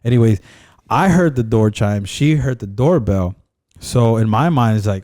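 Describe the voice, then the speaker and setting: A man's voice: mid-range voice, measured pace, darkish tone, no echo. Rambling young man, English-Spanish mix, dry sound. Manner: rambling storyteller, switches between English and Spanish, swears. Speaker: podcast co-host. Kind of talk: casual chat.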